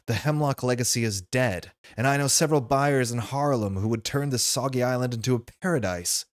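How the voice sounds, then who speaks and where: A man's voice: mid-range voice, a little fast, no echo, lightly acted. A man reading as a scornful woman. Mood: scathing. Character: scornful woman dismissing family legacy. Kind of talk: reading story text aloud.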